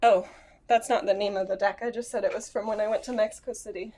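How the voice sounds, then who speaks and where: A woman's voice: mid-range voice, fairly even intonation, fast, dark tone. A woman talks casually into her phone camera at home. She rambles, stops to correct herself, and laughs a little as she goes. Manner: chatty, rambling, self-correcting with small laughs. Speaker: vlogger. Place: at home, indoors.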